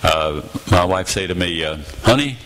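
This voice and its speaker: Man in his 80s, preacher; bright, forceful voice, lively storytelling with dramatic pauses, sermon in a church. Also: mid-range voice, slight background noise, low-quality recording. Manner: animated storytelling, dramatic pauses and slowed phrases.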